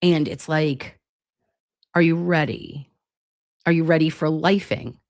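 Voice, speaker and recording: A woman's voice: low-pitched, fairly even intonation, slow, no room sound, studio quality. A woman in her forties from Massachusetts, hosting a casual livestream chat in a chatty, profane way, full of "like.". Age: 40s. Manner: chatty, profane, many "like" fillers. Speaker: livestream host.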